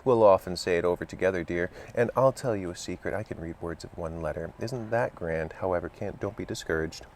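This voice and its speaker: A man's voice: sits low, brisk, darkish tone, a little hiss or hum. A man voicing the fretful, muddled White Queen, anxious and fluttery.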